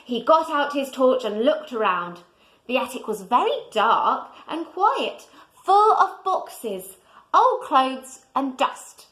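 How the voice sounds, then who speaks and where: A woman reading a children's storybook aloud in a gentle way, pointing out the pictures to young listeners. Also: sits high, very animated, slow, poor audio.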